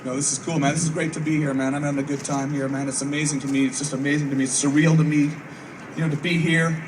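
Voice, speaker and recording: Guy in his 30s rambling through a stand-up set, kinda high voice, sounds far off with noisy outdoor base ambience. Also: flat delivery, quick pace. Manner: rambling storytelling, acts out voices, frequent swearing. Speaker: comedian. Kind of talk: stand-up comedy for troops. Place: outdoor military base show. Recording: far-off mic, noisy open-air ambience.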